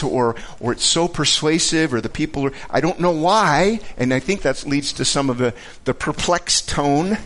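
A man teaching a Bible passage in a conversational way, earnest and halting, often repeating words as he searches for them. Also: medium pitch, a bit bright.

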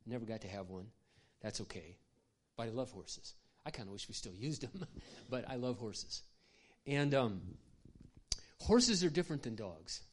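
A man's voice: medium pitch, animated, normal speed, husky. Impassioned older male pastor telling stories. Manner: impassioned, conversational, with asides to the audience. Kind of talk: sermon storytelling.

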